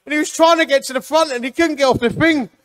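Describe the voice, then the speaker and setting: High-voiced, chatty preacher. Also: male voice, fast talker. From Romford area, England. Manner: chatty, animated storyteller. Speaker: ministry leader. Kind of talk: humorous preaching testimony.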